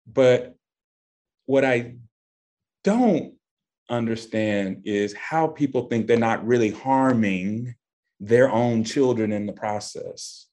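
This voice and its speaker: A male guest answers interview questions passionately and emphatically, his voice climbing high whenever he stresses a point. He speaks slowly, with a darkish tone.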